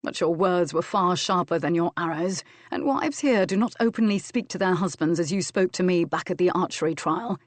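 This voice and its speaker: A woman's voice: lowish voice, animated, normal speed, few pauses, dry recording. A woman voicing a stern but fond Scottish earl scolding his wife, in an audiobook. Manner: firm, scolding, then teasing.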